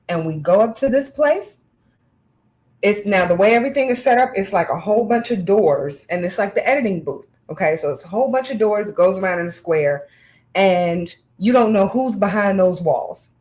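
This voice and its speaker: A woman in casual chat, telling a candid personal story with animated, frank delivery. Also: medium pitch, low-quality recording.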